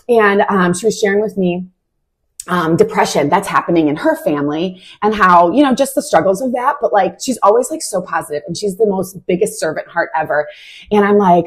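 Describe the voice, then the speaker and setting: Her husky, mid-range voice moves at normal speed as this young Christian podcast host gives a heartfelt, casual account of her faith. She fills her speech with many "like"s.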